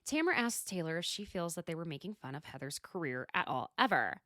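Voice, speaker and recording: A woman's voice: on the low side, sing-song, pushed and bright. A woman hosts her podcast alone in a loose, gossipy chat, peppering it with curse words and side remarks. Her voice swings up and down with lots of life, and the sound is dry and close with no room echo. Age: adult, mother. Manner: chatty, swears freely, quick asides. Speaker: podcast host. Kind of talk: casual solo recap chat.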